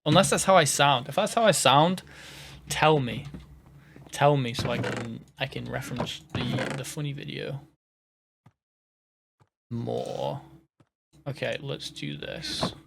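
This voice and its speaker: Uk guy rambling while he plays, gravelly voice, self-mocking jokes, drops to whispers now and then. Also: medium pitch, slow, long pauses, fairly bright tone, a little hiss or hum. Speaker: gaming host. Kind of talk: casual gameplay commentary.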